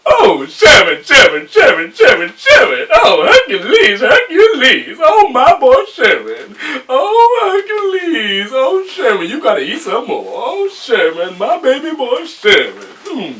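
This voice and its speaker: A young man putting on the voice of a doting, overbearing mother who fusses loudly over her son. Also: extremely high pitch, wildly swooping pitch, unhurried, few pauses, recorded from a distance, voice pushed up, heavily acted. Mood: wailing. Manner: wailing, crying out, pleading.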